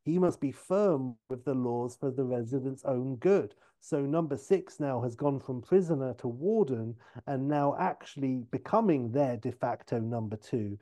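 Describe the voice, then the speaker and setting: A man casually retelling a TV episode idea in a loose, rambling storytelling pitch. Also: lively intonation, normal speed, hardly any pauses, dark tone. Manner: loose, filler-heavy retelling. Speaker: podcast host pitching a TV episode.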